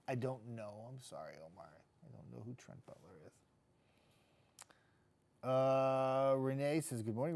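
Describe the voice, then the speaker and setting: A man's voice: medium pitch, warm tone. Chatty weatherman reading comments. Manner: chatty, loose, jokey, with frequent restarts. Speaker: TV meteorologist hosting a live stream. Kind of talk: casual live-stream chat reading viewer comments.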